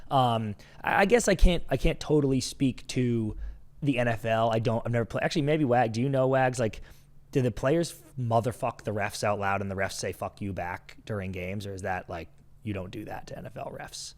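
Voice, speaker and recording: A male podcast co-host with a middle-pitched voice. He talks in a loose, casual way and turns excitable when pushing a promotion. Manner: excitable, fast ad read then rapid disclaimers. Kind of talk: casual chat and read ad.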